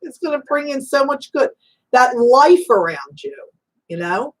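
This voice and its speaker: Woman, fairly high voice, psychic show host, emphatic, motherly, live call-in readings. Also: animated, measured pace. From Italian-American background. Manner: warm, emphatic, motherly, calls guests honey and sweetie.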